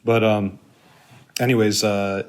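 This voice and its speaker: A man's voice: on the low side, level tone, slow. A man co-hosting a film podcast, talking in a loose, filler-heavy way with casual swearing. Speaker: podcast co-host.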